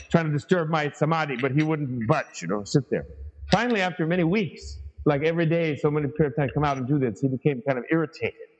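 A man hosting a podcast, teaching Buddhist scripture as a lively storyteller with chatty asides. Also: on the high side, slight background noise. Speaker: Buddhist studies professor and podcast host. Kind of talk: teaching talk, reading and explaining a sutra. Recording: reverberant, dull lo-fi sound.

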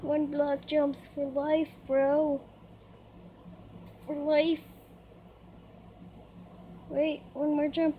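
High-voiced woman gamer yelping as she plays. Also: little pitch movement, slow pace, pauses often. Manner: chatty, easily startled, squeals and yelps. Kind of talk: casual gameplay commentary. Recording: dull lo-fi mic, faint noise.

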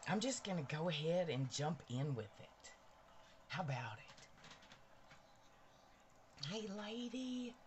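A woman's voice: fairly low pitch, very animated, slow pace, long pauses, darkish tone, a little hiss or hum. A woman hosting a casual live stream from her bedroom, chatty and bubbly, greeting viewers by name. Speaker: livestream host. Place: bedroom at home.

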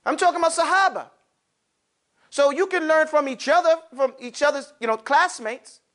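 A high, bright-voiced man teaching Arabic pronunciation leads a classroom lesson on saying letters, speaking at normal speed. He addresses his students animatedly, exaggerating each sound and mouth shape so the class can imitate him.

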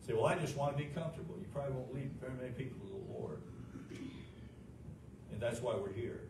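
A pastor with a mid-range, creaky voice preaches fast and emphatically in a church sanctuary, asking the congregation questions. The recording is echoey, noisy, and taken from a distant mic.

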